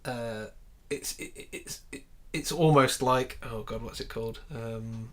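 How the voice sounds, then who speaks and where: A man's voice: medium pitch, unhurried. A man co-hosting a podcast, talking casually about a film with many fillers, restarts and the odd swear. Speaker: podcast co-host.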